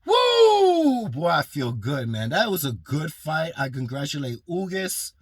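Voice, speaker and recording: Male boxing fan-vlogger, passionate and rambling, with a husky tone in a dry, close recording. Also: mid-range voice, expressive, moderate pace, a bit bright, no echo. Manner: passionate, rambling, swears freely. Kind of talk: casual fan commentary vlog.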